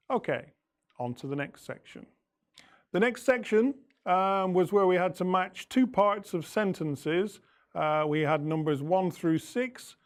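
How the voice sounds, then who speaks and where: A man teacher going over the answers of an English lesson, reading example sentences slowly and deliberately and marking rising and falling tones. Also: a little high.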